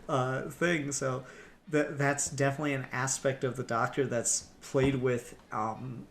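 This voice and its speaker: A man's voice: medium pitch, fairly even intonation, measured pace, vocal fry. Rambling, swearing male podcast host. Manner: rambling, swears, many ums and restarts. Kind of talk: casual podcast chat.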